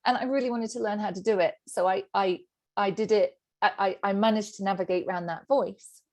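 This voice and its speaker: A woman's voice: medium pitch, a little fast. A middle-aged woman, a sobriety coach teaching a group session and acting out the inner voice. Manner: animated, acts out inner voices.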